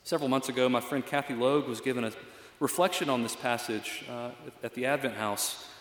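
A man's voice: mid-range voice, fairly quick, reverberant, in a large hall. A male pastor giving a reflective, conversational sermon with frequent fillers.

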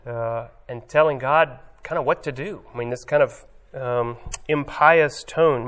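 A male preacher reads a scripture passage in a firm, emphatic voice. He then moves into relaxed, searching commentary full of small hesitations. His pitch sits in an ordinary middle range. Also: measured pace, hardly any pauses. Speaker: pastor.

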